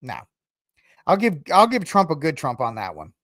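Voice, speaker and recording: A man's voice: fairly high pitch, wildly swooping pitch, normal speed, fairly bright tone, no echo, clean studio sound. A man hosting a news commentary podcast, reading headlines and breaking into sarcastic, rambling asides. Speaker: podcast host.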